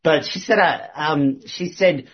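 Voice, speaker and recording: A man casually recounting a conversation, animated and laughing, often restarting his sentences. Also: fairly high pitch, a little slow, husky. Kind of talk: casual personal storytelling. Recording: dull lo-fi recording.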